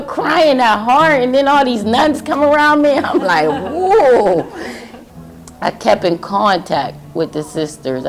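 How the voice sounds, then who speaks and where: A middle-aged woman giving an emotional personal testimony, halting and pausing often. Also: low voice, gravelly. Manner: emotional, halting, with many pauses. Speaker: testimony speaker.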